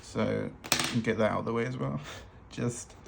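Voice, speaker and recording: Filmed by an overhead camera showing only his hands, this man sketches fashion illustrations and chats through it casually, poking fun at himself. His mid-range voice is gravelly, with a steady tone and a measured pace. There's slight background noise.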